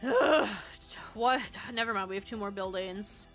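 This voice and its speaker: A woman's voice: medium pitch, steady tone, normal speed, fairly bright tone. A young woman streaming while she builds in a game, chatting in a rambling, self-deprecating way and swearing freely, with faint game music behind her.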